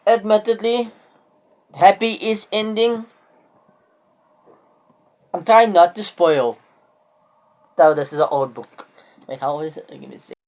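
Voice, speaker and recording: A woman's voice: medium pitch, a little slow, pauses often, darkish tone. A woman chatting casually in a reading vlog, thinking aloud as she counts pages, sounding tired and a bit sick. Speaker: book vlogger.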